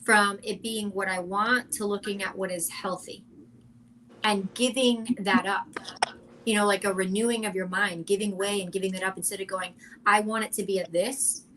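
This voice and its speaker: Woman panelist, coaching type, earnest and animated, round-table chat. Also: mid-range voice, normal speed, background noise. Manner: earnest, animated, wanders into asides. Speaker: podcast panelist who coaches clients.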